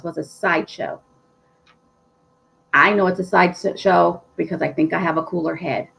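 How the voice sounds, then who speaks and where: A woman's voice: lowish voice, vocal fry, highs cut off. A woman who chairs a state political party, giving a live video update in an emotional, indignant way, with many fillers and restarts.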